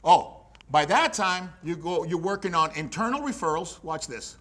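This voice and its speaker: Animated man coaching trainers. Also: a little high, normal speed. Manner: animated, blunt, acts out dialogues. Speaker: fitness educator. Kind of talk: lively business coaching talk.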